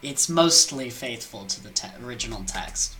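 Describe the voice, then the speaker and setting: A woman's voice: very deep voice, lively intonation, normal speed, music in the background. A woman casually retelling an old myth, rambling with fillers, asides and slang. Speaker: storyteller.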